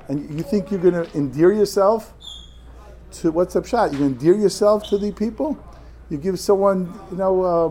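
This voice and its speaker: Halting rebbe, higher voice. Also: male voice, dark tone. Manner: halting, many restarts, mixes Yiddish and Hebrew terms. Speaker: yeshiva rebbe. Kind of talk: Torah lecture to students.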